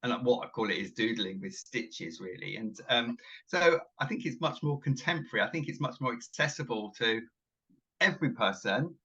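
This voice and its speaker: A man co-hosts a casual craft tutorial and muses thoughtfully about stitching. His voice is bright and crisp at a middle pitch, and the recording sounds slightly dull and lo-fi. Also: lively intonation, normal speed. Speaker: co-host of a sewing channel.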